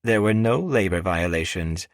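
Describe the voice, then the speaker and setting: A man's voice: low-pitched, expressive, no room sound, clean studio sound. A man voicing a firm, professional female assistant on the phone in an audiobook. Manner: brisk, businesslike.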